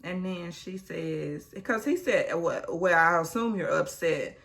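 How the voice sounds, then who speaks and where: A woman's voice: lowish voice, measured pace, vocal fry, few pauses, a bit bright. A woman hosting a casual recap vlog, retelling a reality show scene with blunt asides and acting out the quotes.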